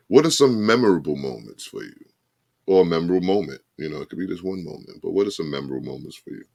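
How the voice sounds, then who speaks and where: A man co-hosting a podcast, talking in a reflective, halting way with many restarts. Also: rumbling low, creaky, a little mellow, dry recording, clean studio sound. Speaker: podcast co-host. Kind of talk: casual podcast chat.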